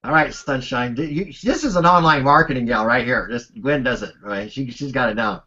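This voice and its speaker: A man's voice: mid-range voice, brisk, bright, forceful tone. Encouraging male host on a muffled call. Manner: encouraging, calls on participants by name. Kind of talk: hosting a live video conference. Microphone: video call. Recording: muffled video call audio.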